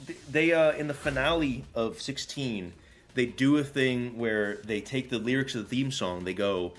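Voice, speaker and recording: A man's voice: mid-range voice, normal speed, slight background noise. Man, young adult, American, stream host, casual chat, joking, swears, laughs a lot. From United States.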